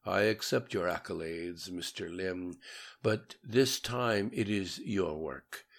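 A man voicing a calm, cryptic male overseer in an audiobook, measured and condescending. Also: low voice, exaggerated voice. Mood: cool, knowing. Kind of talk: audiobook character reading.

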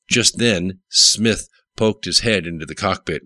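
A man narrating an audiobook in a steady, matter-of-fact reading. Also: low-pitched, unhurried, hardly any pauses, no echo.

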